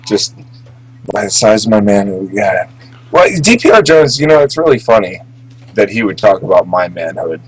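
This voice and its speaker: A man with an American accent hosts a livestream, trading crude, sarcastic jokes. His voice sits on the low side for a man. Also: sing-song, moderate pace, husky, low-quality recording. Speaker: livestream host. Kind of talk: crude comic banter.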